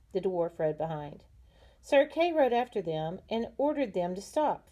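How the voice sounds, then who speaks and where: Mellow-voiced woman reading a story aloud. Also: mid-range voice. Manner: gentle, unhurried reading with small slips.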